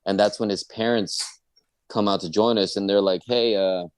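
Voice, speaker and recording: Acting out his friends' voices with animation, a guest comedian from around Dallas shares a funny personal story on a podcast. His fairly low voice has a clean tone at a moderate pace, and there is no echo.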